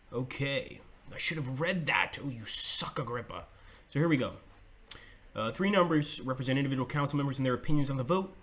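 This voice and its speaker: A man's voice: medium pitch, fairly bright tone. A man giving casual let's-play commentary, chatting to viewers and reading the on-screen tutorial text aloud. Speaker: gameplay commentator.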